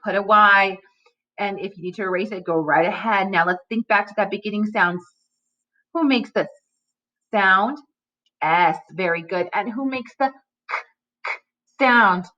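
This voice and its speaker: A woman teacher giving a recorded phonics lesson to young children, speaking slowly and articulating every sound clearly. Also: medium pitch, pushed and bright, dull audio.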